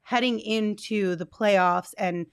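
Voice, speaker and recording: A woman co-hosting a casual sports podcast, upbeat and brisk, running through the team news smoothly. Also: medium pitch, no echo, clean studio sound.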